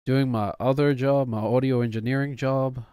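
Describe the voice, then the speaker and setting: A man's voice: medium pitch, fairly even intonation, moderate pace, warm tone, smooth, no room sound, clean studio sound. A man in his thirties, a streamer who chats casually in a rambling, wry, self-mocking way. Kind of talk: casual chat.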